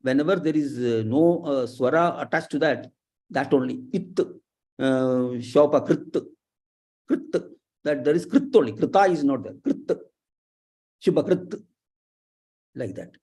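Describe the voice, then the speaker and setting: A man teaching Sanskrit pronunciation, drawing syllables out slowly with many pauses and fillers. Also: mid-range voice, lively intonation, a little mellow. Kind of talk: explaining slowly, letter by letter.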